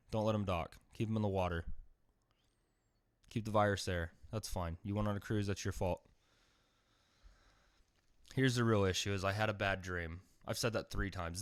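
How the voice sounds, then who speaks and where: A man tells a comic story in a lowish, dry voice. His delivery is deadpan, and then he suddenly bursts out loud. The sound is close and dead, with no room echo. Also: clean tone. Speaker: podcast host. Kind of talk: comedic monologue.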